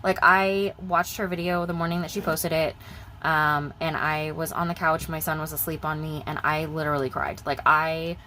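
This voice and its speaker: A woman's voice: sits low, fairly even intonation, normal speed, sharp tone, slight background noise, rough recording. A young woman chatting casually in her vlog, rambling and repeating herself as she talks about budgeting. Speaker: budgeting vlogger.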